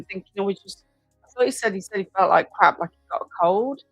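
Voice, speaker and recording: A woman's voice: mid-range voice, quick pace, dry recording, soft background music. A woman hosting a casual livestream, chatting and reacting aloud to viewer comments at her desk mic. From United Kingdom. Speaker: livestream host.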